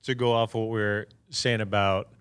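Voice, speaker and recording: A man's voice: on the low side, flat delivery, moderate pace, a bit bright, clean tone. A male podcast host in casual chat, laid-back and reflective.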